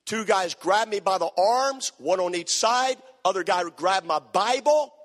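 Bright high-voiced preacher in a hall. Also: male voice, unhurried. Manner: animated storytelling, shouting bursts, drops to a hushed voice. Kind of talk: sermon storytelling. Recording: long hall reverb.

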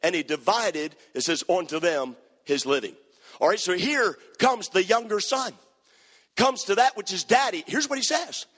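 A man preaching a sermon as pastor, swinging from quiet asides to sung, shouted cadences. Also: high voice, expressive, moderate pace, breathy edge. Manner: preaching with rising shouts and sing-song cadence. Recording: long hall reverb.

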